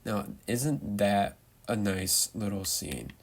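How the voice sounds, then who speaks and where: A man's voice: fairly low pitch, expressive, slow. A young man giving rambling, chatty commentary while showing off a game build, playful and loose. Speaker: Minecraft builder. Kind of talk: casual gameplay commentary.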